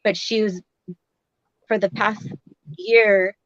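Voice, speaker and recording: A woman's voice: medium pitch, fairly even intonation, takes it slowly, no room sound, dull audio. A woman guest telling her own story with frequent hesitations and fillers.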